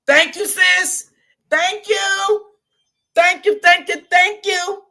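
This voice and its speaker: Loud high-voiced woman livestream host. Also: fairly even intonation, slow, vocal fry, background noise. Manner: loud, laughing, profane, talks to chat. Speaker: commentary channel host. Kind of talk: casual livestream commentary.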